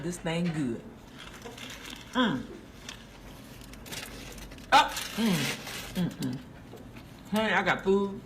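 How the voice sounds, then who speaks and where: A woman's voice: medium pitch, a bit bright, slight background noise. A woman filming herself in a car, gushing over a sandwich with preacher-like praise and talking with her mouth full. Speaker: food vlogger. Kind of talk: casual selfie video review. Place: inside a car.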